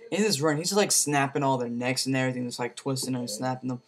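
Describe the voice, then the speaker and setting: Casual reviewer, male, monotone delivery, loose rambling retelling full of "um" and "like". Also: medium pitch, rapid-fire. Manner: rambling, full of fillers and slang. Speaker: movie reviewer.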